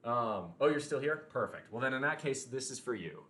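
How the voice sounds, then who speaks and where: A man's voice: medium pitch, lively intonation, brisk, bright, forceful tone, a little hiss or hum. A young man hosting a casual livestream, rambling and chatting with viewers, with the odd swear word. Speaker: livestream host. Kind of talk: casual livestream chat, reading chat messages. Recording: roomy echo.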